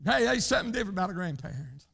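An older preacher man with a gravelly, fry-laden voice that sits high for a man. He delivers a fervent sermon, tossing in "hey" again and again and breaking out into shouts. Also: very animated, racing.

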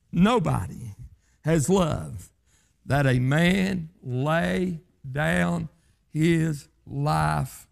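A man preaching a revival sermon, rising into shouted, chanting lines and falling back low. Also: gravelly. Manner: chanting revival-style sermon, pitch leaping up to shouts then dropping low.

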